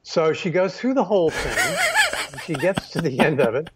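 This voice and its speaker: A male photographer being interviewed, telling stories in an unhurried way with many fillers and restarts. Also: fairly high pitch, wildly swooping pitch. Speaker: photographer guest. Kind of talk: reflective storytelling.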